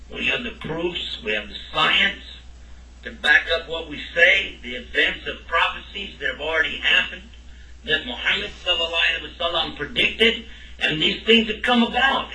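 In a sharp-toned, fairly high-pitched voice, a male religious teacher delivers a lesson to his class and tosses questions at them along the way. It's recorded from afar in a room with echo.

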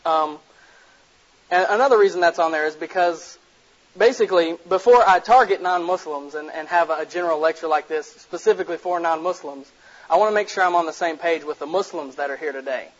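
A lecturer with a slightly high voice gives a casual public lecture to a room through a microphone, speaking fairly quickly. He is blunt, direct, and a jokey storyteller. The recording is muffled, dull, and lo-fi.

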